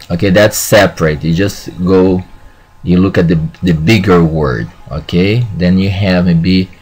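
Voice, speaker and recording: Slow, low-voiced man teaching Spanish sounds. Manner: slow, repeats "okay" often, models words slowly. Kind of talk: classroom lesson.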